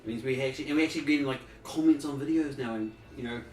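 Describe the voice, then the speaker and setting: A man's voice: medium pitch, rapid-fire. Casual man, echoey and off-mic. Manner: rambling, hesitant, full of fillers. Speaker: podcast host. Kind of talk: casual chat. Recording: echoey room, far from the mic.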